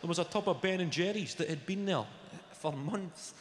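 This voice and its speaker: A Scottish man doing a stand-up routine, telling an animated story full of swearing. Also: high-pitched, normal speed. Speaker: stand-up comedian. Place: live comedy venue. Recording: echoey live venue with loud crowd noise.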